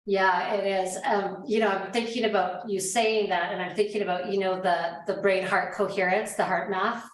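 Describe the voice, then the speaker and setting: A woman with a medium-pitched, fairly even voice hosts a conversational interview at a normal speed. She's thoughtful, searching for words, rambling and restarting her sentences. The recording has a roomy echo.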